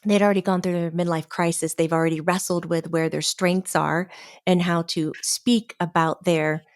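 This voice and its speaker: A middle-aged woman on a podcast, telling a story with lots of laughter and little acted-out quotes. Her voice sits a bit low for a woman, and the sound is close and dry with no room echo. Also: little pitch movement, moderate pace. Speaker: podcast guest, medium. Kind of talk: casual storytelling chat.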